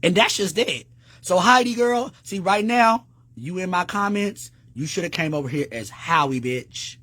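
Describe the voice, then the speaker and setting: A man hosting a casual livestream, talking in a flamboyant, sassy and profane way, with big swings in pitch. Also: lively intonation, moderate pace, sharp tone, no echo. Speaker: livestream host.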